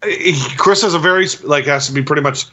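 A man's voice: a little high, quick pace, sharp tone. A man co-hosting a casual podcast chat, talking in a profane, ranting way. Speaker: podcast co-host.

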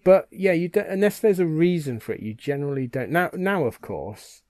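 A man's voice: fairly high pitch, expressive, moderate pace, darkish tone, no echo. A British man co-hosting a podcast in casual chat, enthusiastic and chatty, often trailing off and restarting his sentences. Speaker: podcast co-host.

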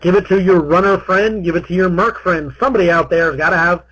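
Husky man chanting auction bids. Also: sits high, fast talker, a bit bright, poor audio. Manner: joking and self-deprecating. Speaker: auctioneer host. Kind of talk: live auction chat.

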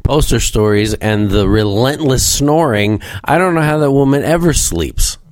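A man's voice: medium pitch, lively intonation, moderate pace, no echo. A man co-hosting a podcast, teasing his friends with dry humor in casual chat. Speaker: podcast co-host.

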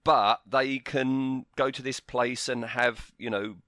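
A man's voice: mid-range voice, fairly even intonation, takes it slowly, bright, forceful tone, dry recording, clean studio sound. A man co-hosting a podcast, casually complaining in a blunt, exasperated way. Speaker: podcast co-host. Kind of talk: casual critique chat.

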